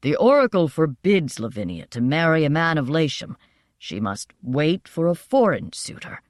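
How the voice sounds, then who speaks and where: A woman voicing an aging, weary king and father who speaks slowly and heavily. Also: fairly low pitch, lively intonation, darkish tone, no room sound, clean studio sound. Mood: stern. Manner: slow, heavy, deliberate. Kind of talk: audiobook character voice.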